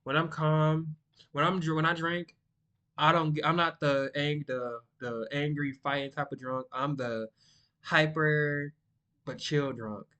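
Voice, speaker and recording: A young man, chatting casually and rambling to the camera, by his own account monotone. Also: fairly high pitch, unhurried, clean tone, dull audio. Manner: rambling, sidetracked, self-described monotone. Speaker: vlogger.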